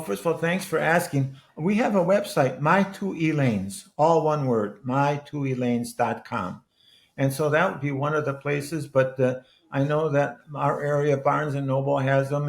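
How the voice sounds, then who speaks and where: A man's voice: on the high side, creaky. A man in his eighties, a guest in a podcast interview, telling stories in an earnest, rambling way with many restarted sentences. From Wisconsin. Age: 80s. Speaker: guest, author and former politician. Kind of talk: conversational podcast interview with anecdotes.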